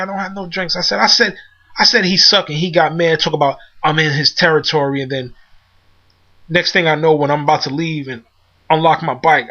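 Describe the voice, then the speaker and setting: A man tells a personal story in a loose, rambling way, full of fillers and restarts. His voice is bright and a little high. The recording is somewhat dull and lo-fi. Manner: rambling, repeats himself with many fillers. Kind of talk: casual spoken anecdote.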